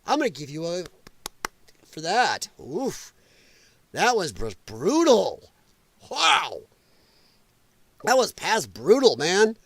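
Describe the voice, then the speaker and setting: A man's voice: sits high, wildly swooping pitch, slow pace, gravelly, long pauses, a bit bright, no echo. Blunt mocking male stream host. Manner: blunt, profane and mocking, laughs often. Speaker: host of a political commentary stream. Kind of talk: live reaction commentary.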